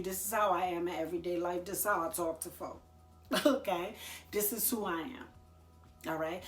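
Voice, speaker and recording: A woman talking casually to the camera, giving business advice in a chatty, slangy and expressive way, laughing often. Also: medium pitch, slight background noise. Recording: echoey room.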